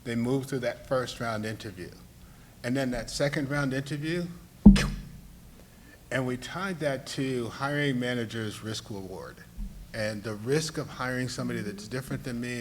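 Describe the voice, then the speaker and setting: A man on a discussion panel gives a considered, earnest answer, pausing to rephrase as he goes. A faint rumble sits under his voice in the room. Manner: earnest, thinking aloud with restarts. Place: municipal building meeting room.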